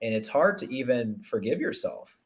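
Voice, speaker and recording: Very animated and at normal speed, a medium-pitched man talks as a relationship coach in a casual conversational interview. He is earnest and reflective, often restarting thoughts and saying "you know."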